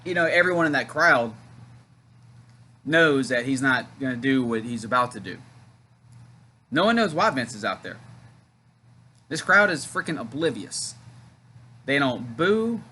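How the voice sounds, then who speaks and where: A man hosting a wrestling watchalong, giving excited play-by-play with loud shouted counts and chatty asides. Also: mid-range voice, a little slow, pauses often, slightly rough. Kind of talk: excited live play-by-play commentary.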